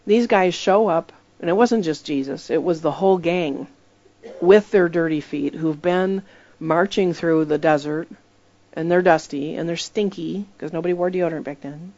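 Low-voiced woman preaching conversationally. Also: moderate pace, darkish tone, dull audio. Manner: emphatic storytelling, acts out quoted voices. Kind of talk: conversational sermon.

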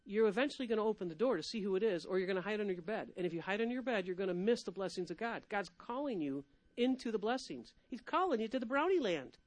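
A woman preacher giving a lively, emphatic sermon, laughing often and swinging between loud and soft. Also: mid-range voice, fast talker, hardly any pauses.

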